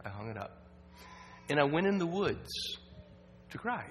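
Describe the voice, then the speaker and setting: A man giving a storytelling sermon at a church evening program, earnest and halting, with restarts, dropping to a hush at the sad parts. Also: mid-range voice, very animated, creaky. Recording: roomy reverb with faint hum.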